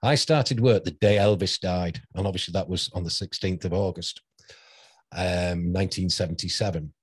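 An older man with a low, deep voice, hosting a casual interview. He wanders from one anecdote to the next and often breaks into laughter. The recording is dry and close, with no room sound. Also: fairly even intonation, moderate pace, husky, no room sound. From St Helens, near Liverpool, England. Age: around 60. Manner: rambling anecdotal storyteller who laughs often. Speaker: host.

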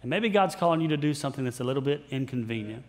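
A man's voice: mid-range voice, expressive, rapid-fire, darkish tone. A man preaching a sermon as pastor, telling the story conversationally, repeating phrases for emphasis and acting out the characters' lines. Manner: conversational storytelling with playful put-on voices.

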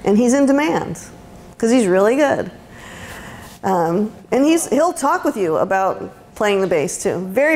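A woman's voice: on the high side, gravelly, darkish tone, a little hiss or hum. A woman giving a conversational lecture as an autism educator, with frequent ums and restarts. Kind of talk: university lecture talk. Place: lecture room.

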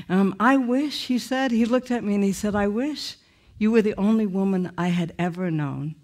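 A middle-aged woman giving a testimony sermon with animated storytelling. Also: medium pitch, moderate pace. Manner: animated storytelling, laughing through the telling. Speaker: speaker sharing her testimony.

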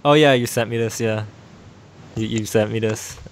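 A man's voice: fairly low pitch, fairly even intonation, moderate pace, slight background noise. Hesitant Irish man in group chat. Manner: hesitant, lots of filler sounds.

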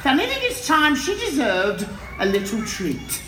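A woman's voice: sits high, wildly swooping pitch, measured pace, fairly bright tone, some chatter behind, full character voice. A woman playing a scheming, gloating wicked stepmother in a live pantomime, mocking and sing-song. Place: large theatre stage. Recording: echoey live hall, music and audience. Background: music and audience reactions.

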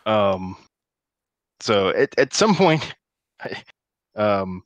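A man with a fairly low voice narrates a tabletop game as game master. He talks in halting runs, restarting words and filling gaps with ums. The sound is dry and close. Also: big pitch swings, dry recording. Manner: halting, many restarts and fillers. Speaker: dungeon master.

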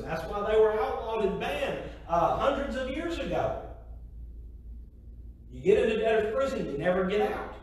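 A middle-aged man preaching a sermon, emphatic, repeating key phrases and asking the congregation rhetorical questions. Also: high-pitched. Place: church sanctuary. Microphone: distant mic. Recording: very echoey hall from a distance, faint hiss.

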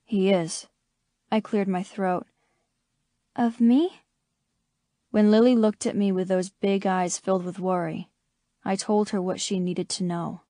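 A woman narrates an audiobook at a measured, steady pace. Her voice is warm and mellow, recorded dry and close with no room sound. Her pitch sits in a middle range. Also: no echo. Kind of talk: scripted first-person narration.

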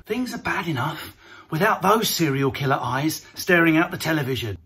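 A man doing a comedy rant to camera, animated and mocking, jumping into put-on voices. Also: fairly high pitch, moderate pace, slightly rough.

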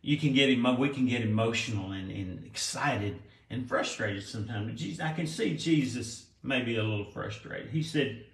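A male pastor giving a conversational sermon, reading scripture aloud and explaining it with restarts and soft chuckles. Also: mid-range voice, expressive, measured pace. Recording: roomy echo.

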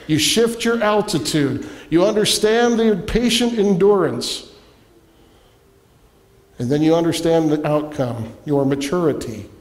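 A man preaching as a guest in a church, telling a personal story with animated delivery and acted-out voices. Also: a little high. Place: church sanctuary. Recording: echoey church hall.

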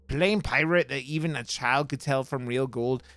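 A man's voice: medium pitch, moderate pace, a bit bright, clear, resonant tone, no room sound, natural voice. A man voicing a desperate, trapped male treasure seeker, reading his note aloud in a put-on Scottish accent.

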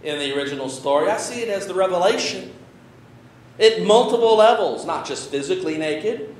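A man preaching as a pastor, conversational and animated, swinging from loud emphasis to quiet asides. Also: high-pitched, a little fast, roomy sound. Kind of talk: sermon.

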